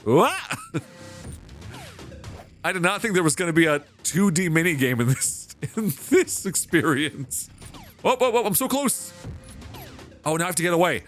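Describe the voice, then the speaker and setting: A man giving casual, excitable gameplay commentary, swearing and laughing as he plays. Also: on the high side, normal speed, pauses often, faint music behind. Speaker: let's play host.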